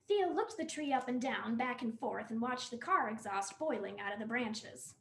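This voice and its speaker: A woman reading a comic novel aloud in an animated storytelling voice. Her voice is high and rises and falls freely. The recording has a roomy echo. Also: moderate pace, vocal fry, few pauses. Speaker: library staff reader.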